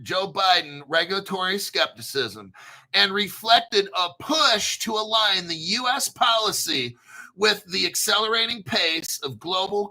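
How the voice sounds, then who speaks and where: Hyped, bright-voiced American man. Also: high-pitched. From United States. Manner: hyped, brash, rambling, swears, reads chat aloud. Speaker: crypto livestream host. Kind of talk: excited livestream commentary.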